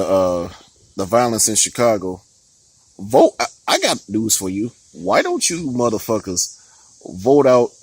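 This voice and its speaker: Profane, ranting man with a lively voice. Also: mid-range voice, slightly rough, no echo, rough recording. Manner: profane, heated, with frequent laughs and restarts. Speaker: political commentary vlogger. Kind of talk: ranting political commentary.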